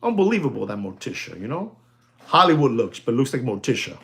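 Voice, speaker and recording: A man selling watches in a casual, rambling talk, often calling out to ladies and gentlemen and laughing as he goes. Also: mid-range voice, big pitch swings, brisk, creaky. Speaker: watch dealer. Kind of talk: casual chat.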